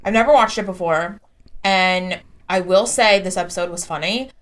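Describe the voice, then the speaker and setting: A woman's voice: fairly low pitch, normal speed. A young adult woman co-hosting a podcast, chatting casually and filling her speech with "like". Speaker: podcast co-host. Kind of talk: casual chat.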